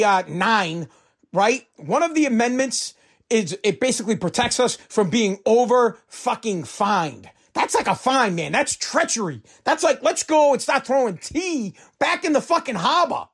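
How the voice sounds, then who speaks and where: A man's voice: very high voice, breathy edge. A man delivering a heated, profane political rant, fired up and repeating himself.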